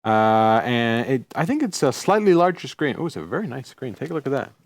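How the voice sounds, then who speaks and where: A man's voice: mid-range voice, brisk, dry recording. A man co-hosts a casual technology show, his speech swinging widely up and down as he rants and jokes. He sounds close and dry, with no room around him. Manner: lively, ranting, joking. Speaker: co-host of a tech show. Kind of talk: casual tech show banter.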